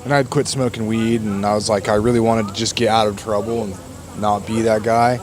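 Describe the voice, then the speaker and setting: A man's voice: fairly low pitch, steady tone, a little fast, a crowd in the background. A man as a podcast guest, telling stories in a casual, profane, rambling way with lots of fillers. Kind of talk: casual storytelling.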